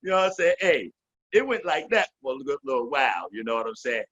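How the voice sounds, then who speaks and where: A man's voice: mid-range voice, sing-song, fast talker, fairly bright tone, lo-fi sound. A man in his fifties, a veteran MC guest in a casual interview, telling loose, profane stories and slipping into the voices of the people he quotes.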